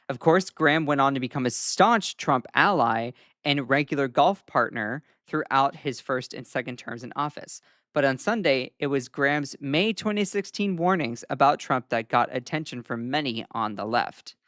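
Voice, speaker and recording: A Southern-accented man talks through the news on a livestream. His tone is casual and wry, and he often pauses on "um." His voice sits at a medium pitch and sounds close and dry, with no room echo. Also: fairly bright tone. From Southern United States. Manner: casual, chatty, frequent "um" fillers, wry asides. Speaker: host.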